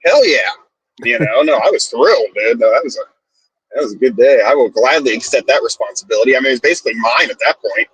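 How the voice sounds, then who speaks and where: A man's voice: medium pitch, fast, fairly bright tone, breathy edge, dull audio. A man co-hosting a casual morning talk stream, laid-back, swearing freely and laughing often. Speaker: podcast co-host. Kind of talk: casual chat. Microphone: streaming setup.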